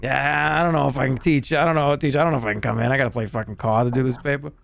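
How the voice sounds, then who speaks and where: A man voicing a lazy forty-year-old male slacker student with a Boston accent, gruff and dismissive, swearing casually. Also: mid-range voice, fairly even intonation, rapid-fire, a bit bright.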